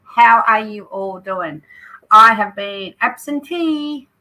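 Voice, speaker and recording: Bright chatty Australian woman host. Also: mid-range voice, animated, takes it slowly, poor audio. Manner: chatty, reads out viewer comments. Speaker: craft channel host. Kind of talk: live stream chat, greeting viewers.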